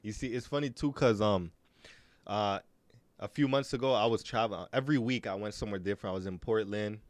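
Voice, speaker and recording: A young Canadian man hosting a podcast, talking casually in a halting way, often repeating his words as he tells stories. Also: fairly low pitch, no echo. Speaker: podcast host.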